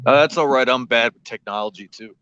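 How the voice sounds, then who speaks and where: A man's voice: mid-range voice, brisk, bright, forceful tone, slight background noise. A man calling in to a live stream by phone, talking in a friendly, easygoing way. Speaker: guest caller. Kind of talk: casual chat. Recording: muffled phone audio.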